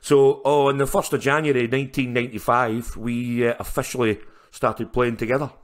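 A man's voice: mid-range voice, flat delivery, fairly quick. A man, a musician guest on a podcast, telling stories in a chatty way with frequent laughs and restarts. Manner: chatty storyteller, laughs often, many restarts. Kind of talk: casual interview chat.

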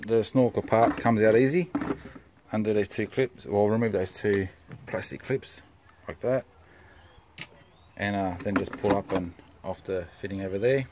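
A man with a fairly low voice talks through a car repair step by step, relaxed and unhurried, with many "uh" fillers. His voice drops quieter when his hands are busy. A faint hiss of noise sits under the voice. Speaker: DIY car mechanic. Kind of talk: casual how-to commentary.

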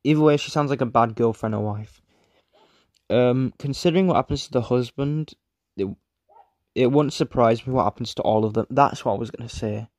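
A man reads his own review script in a flat, bored way, with a sore throat. He often trails off mid-sentence, stumbles, and starts again. His voice is mid-pitched, close and very dry, with no room sound. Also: brisk, dry recording. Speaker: video reviewer.

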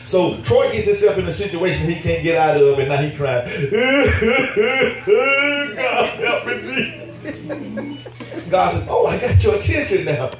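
A man with a fairly high voice preaches a lively sermon, laughing as he acts out both sides of his talks with God. He sounds far from the mic, his voice ringing around a very echoey church. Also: brisk, few pauses. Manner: animated, laughing preacher acting out dialogue with God. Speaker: pastor.

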